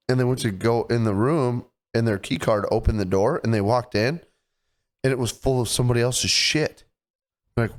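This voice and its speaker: A man's voice: mid-range voice, normal speed. A man co-hosting a podcast, telling a story in casual chat with lots of swearing and indignation. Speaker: podcast co-host.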